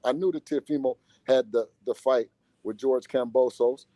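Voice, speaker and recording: Animated slangy man, dark voice. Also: mid-range voice, normal speed, no echo. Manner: animated, repeats himself, slangy. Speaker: boxer's father and manager. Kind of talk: casual interview talk.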